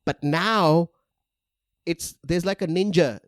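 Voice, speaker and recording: A man's voice: fairly high pitch, takes it slowly, no echo, clean studio sound. A young man co-hosting a casual podcast chat, joking and laughing between his words. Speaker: podcast co-host.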